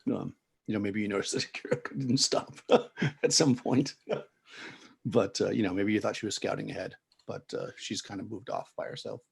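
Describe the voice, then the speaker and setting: A man's voice: fairly low pitch, steady tone, moderate pace, creaky, husky. A man narrating a tabletop game as game master, rambling descriptions with many restarts. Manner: rambling, full of fillers and restarts.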